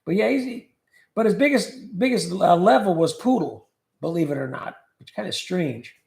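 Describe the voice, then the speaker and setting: A man with a high-pitched, expressive voice that's creaky and a bit mellow talks at a normal speed. He's hosting a livestream in an echoey space, bantering and reading out viewer comments.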